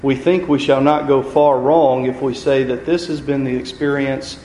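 A man's voice: mid-range voice, fairly even intonation, dark tone. Earnest man teaching in an echoey room. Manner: earnest, repeats key phrases, slows on scripture. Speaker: Bible study teacher. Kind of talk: teaching a Bible study. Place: room with a group, reading from a computer. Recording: echoey room, faint ambient noise.

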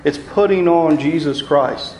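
A man teaching a Bible study group, earnest, repeating key phrases and slowing down to stress scripture. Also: on the high side, darkish tone. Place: room with a group, reading from a computer. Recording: echoey room, faint ambient noise.

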